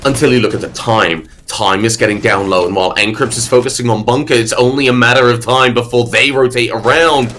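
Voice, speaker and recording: A man commentating a competitive shooter match with a bright, forceful tone. He calls the action in quick, energetic bursts, with a faint hiss of noise under his voice. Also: mid-range voice. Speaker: esports commentator. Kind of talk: play-by-play commentary.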